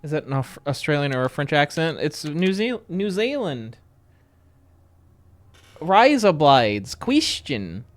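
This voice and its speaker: A man's voice: fairly high pitch, lively intonation, normal speed, few pauses, no echo. A man streaming a game, keeping up a dry running commentary and talking back to the game. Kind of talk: casual live-stream gameplay chat.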